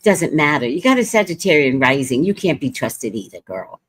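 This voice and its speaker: Her voice is low and slightly rough, moving at a moderate pace. She's a woman hosting a relaxed stream, reading and chatting with viewers while spinning animated, profane, brash tales through her streaming setup.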